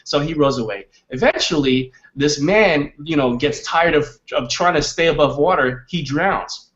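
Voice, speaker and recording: A man's voice: on the high side, normal speed, fairly bright tone. Emphatic male sales coach, lo-fi audio. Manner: emphatic, repetitive, rhetorical questions. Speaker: webinar host and sales coach. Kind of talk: persuasive sales pitch. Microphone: webinar microphone.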